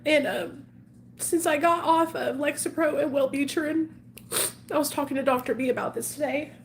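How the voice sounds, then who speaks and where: This woman's voice sits high and steady at normal speed, with a little hiss or hum on the recording. A vlogger in her forties, she opens up to viewers in an earnest, emotional confession that rambles and leans on fillers.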